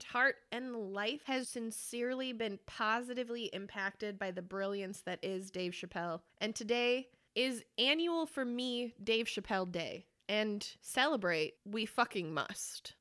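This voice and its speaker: A woman hosting her own podcast, chatting casually with lots of swearing, animated and playful, sometimes loud, sometimes dropping to a whisper. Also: a little high, no echo, clean studio sound. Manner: animated, swinging between loud and quiet. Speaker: podcast host.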